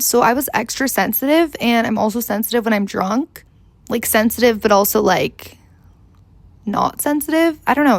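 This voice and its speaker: Young female vlogger, fry-heavy, dry room, casual rambling storyteller who swears offhand. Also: a little high, dry recording.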